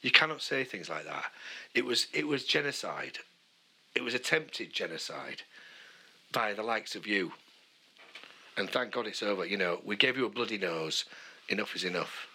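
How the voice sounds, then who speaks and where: A man's voice: on the low side, animated, normal speed, long pauses, bright, forceful tone, slightly rough. A British man co-hosting a podcast in casual banter, teasing, swearing and laughing often. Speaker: podcast co-host.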